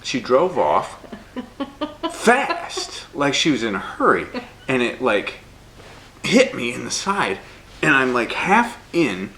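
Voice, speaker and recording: A young man, a YouTube creator on a couch at home, chatting casually with his wife and telling an animated story. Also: mid-range voice, unhurried. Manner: rambling storyteller, animated when retelling. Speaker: YouTuber, co-host. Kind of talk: casual couple Q&A chat. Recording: echoey room, faint background hiss.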